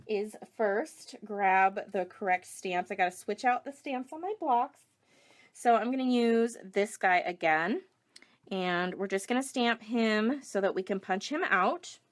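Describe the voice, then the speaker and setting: Her voice is highish with a touch of brightness. During a live paper craft demonstration, the middle-aged woman chats with her audience, greeting people and reading their comments aloud between steps.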